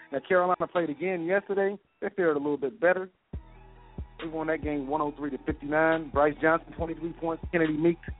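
Man, sports rundown, slightly high voice, tinny phone line, faint music behind. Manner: rapid score rundown, peppered with "man". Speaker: sports segment host.

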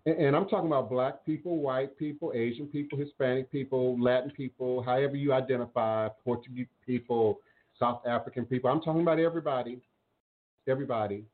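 A man's voice: mid-range voice, brisk. A man hosting a call-in radio show, talking earnestly in a repetitive, preacherly cadence. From New Orleans, Louisiana. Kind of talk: call-in talk radio monologue. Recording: tinny phone-like line.

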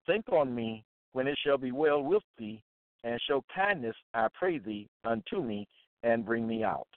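A man's voice: medium pitch, animated, a little slow, no room sound. Man, preaching, emphatic, repetitive, tinny phone-like sound, dry. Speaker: Bible teacher. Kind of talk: preaching Bible commentary.

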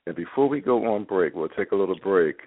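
A man's voice: low voice, animated, a little fast. A man hosting a live radio interview, encouraging his guest with short affirmations. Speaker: radio show host. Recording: tinny phone-line sound.

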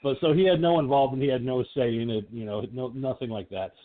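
Man, mid-pitched voice, hesitant, casual movie talk, tinny phone line. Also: fairly even intonation, quick pace. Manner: hesitant, searching for words. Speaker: podcast co-host. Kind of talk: casual film discussion.

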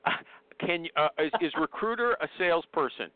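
A man's voice: on the high side, expressive, a little fast, dry recording. A man hosting a talk show who keeps pressing the others with challenging questions. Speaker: host. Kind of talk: heated debate on a call-in show. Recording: dry, tinny phone line.

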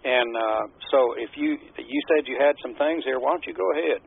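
A man co-hosting a podcast, calmly walking through a book's dates and inviting his co-host to comment. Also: medium pitch, gravelly, slightly rough, narrow, tinny audio. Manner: measured, agreeable, reads out dates from the book. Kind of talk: casual discussion of a historical text.

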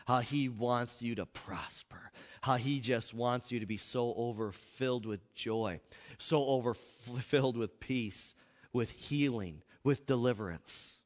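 A male pastor preaching a sermon, swinging between loud outbursts and hushed asides. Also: medium pitch. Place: church. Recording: echoey hall.

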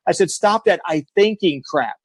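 A middle-aged man telling stories on a talk show, blunt and emphatic, with a voice pitched a bit high for a man. He repeats his points for effect, and the sound is dry and close, with no room around it. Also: expressive, moderate pace, breathy edge, no echo. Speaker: guest. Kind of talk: casual storytelling.

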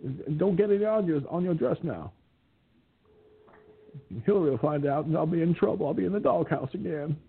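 A man doing a raspy flirty politician. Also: on the high side, brisk, long pauses, voice pushed up. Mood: flirtatious. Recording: phone-like lo-fi line.

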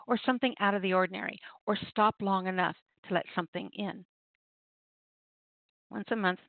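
A woman hosts a poetry radio show, chatting in a loose, rambling way and laughing often. Her voice has a gravelly, creaky edge. It comes through a tinny, dry phone line. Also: on the low side, no echo. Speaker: host of an open mic poetry radio show. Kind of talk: casual talk giving poetry prompts.

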